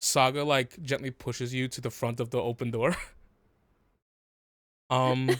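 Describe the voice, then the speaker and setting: A man's voice: medium pitch, level tone, measured pace, a bit bright, dry recording, studio quality. A man narrating a tabletop game as game master, rambling with many fillers.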